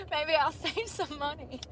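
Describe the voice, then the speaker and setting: In a high voice with a fairly bright tone, a thirtysomething woman vlogs in a noisy outdoor street setting. Her casual chat is blunt and rambling, and she swears freely throughout her stories.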